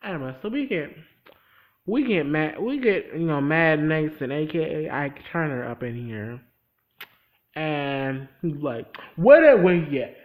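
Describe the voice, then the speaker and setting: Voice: medium pitch, measured pace, phone-quality sound. A vlogger recapping a TV episode in casual chat, talking straight to the viewer with lots of energy. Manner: animated, talks straight to the viewer. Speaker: TV episode reviewer.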